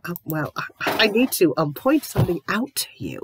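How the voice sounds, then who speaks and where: A woman co-host ranting in outrage, shouting and swearing. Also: lowish voice, wildly swooping pitch, moderate pace, hardly any pauses, noisy background. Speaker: co-host reading fanfiction aloud.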